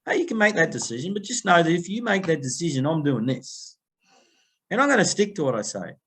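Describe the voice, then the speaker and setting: An Australian man in middle age with a fairly high-set voice, speaking as a guest on a podcast. He tells stories with animation, slips into quoted voices and lays out advice in a plain conversational way. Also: brisk, slightly rough. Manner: animated storytelling, acting out phone quotes. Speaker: guest, people-pleasing coach.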